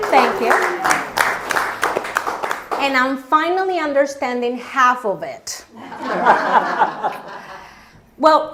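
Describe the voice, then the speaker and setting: Woman storyteller on stage, high voice, slow pace, animated and self-mocking. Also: heavy background noise. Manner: animated, self-mocking, acts out her own panic with laughter. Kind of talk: live storytelling performance.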